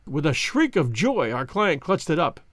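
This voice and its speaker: A man's voice: on the high side, big pitch swings, moderate pace, fairly bright tone, no echo. A man narrating a classic story as an audiobook reader, telling it expressively. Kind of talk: scripted narration.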